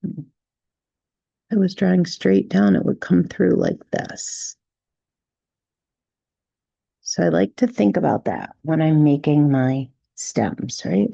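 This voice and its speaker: A woman teaching a step-by-step drawing tutorial, gently talking through each stroke and checking in with "right?" as she goes. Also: sits low, huge pitch swings, slow, creaky, long pauses, dry recording, highs cut off. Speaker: drawing instructor.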